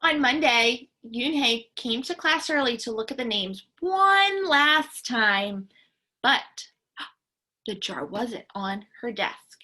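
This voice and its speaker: A woman's voice: a little high, expressive, takes it slowly, pushed and bright. A woman teacher reading a picture book aloud to students, stopping to ask the class questions.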